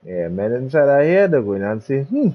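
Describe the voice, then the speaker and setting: A man's voice: mid-range voice, big pitch swings, normal speed, narrow, tinny audio. A man hosting a gaming channel, giving laid-back commentary while he drives, muttering and repeating himself. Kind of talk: casual gameplay commentary.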